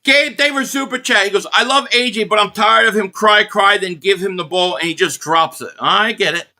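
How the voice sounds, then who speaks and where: Here a man from the Philadelphia area calls football plays live on his reaction stream, sounding like a thrilled fan. He speaks high and at normal speed, pausing to read out viewer donations sent as super chats.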